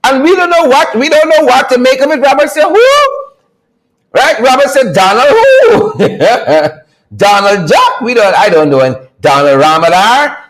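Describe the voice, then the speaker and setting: A man hosting a political commentary livestream, sarcastic and animated, often laughing and repeating phrases for emphasis. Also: very high-pitched, a little fast, hardly any pauses, poor audio. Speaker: host.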